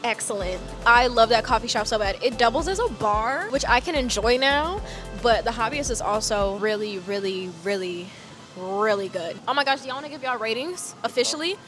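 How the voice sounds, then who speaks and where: A woman's voice: a little high, lively intonation, moderate pace, music in the background. Bubbly young woman vlogging. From Charlotte, North Carolina. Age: young adult. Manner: bubbly, chatty, laughs often. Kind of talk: casual vlog chat.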